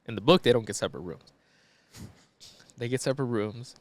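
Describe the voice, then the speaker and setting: A man's voice: mid-range voice, lively intonation, a little fast, no echo. A man co-hosting a podcast, casually retelling a movie plot in a laid-back, profane way with lots of fillers. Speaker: podcast co-host.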